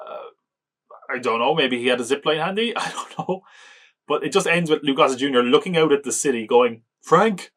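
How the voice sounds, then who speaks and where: This man, speaking briskly in a mid-range voice with a fairly bright tone, hosts a film-review podcast. His take is casual and mocking, peppered with filler words like "like" and plenty of chuckles.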